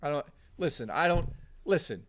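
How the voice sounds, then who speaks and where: A man's voice: a little high, very animated, moderate pace. A man streaming live, chatting casually with his viewers in a blustery, profane rant. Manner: profane, blustery ranting to chat.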